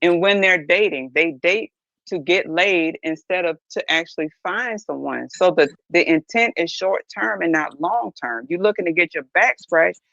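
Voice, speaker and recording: A woman talks with firm emphasis and throws out rhetorical questions. Her voice carries a gravelly fry at a middle pitch. The sound is dry and dull, like a lo-fi stream. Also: normal speed, a bit bright, no room sound. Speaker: panelist on a live reaction show. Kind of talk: opinionated casual discussion.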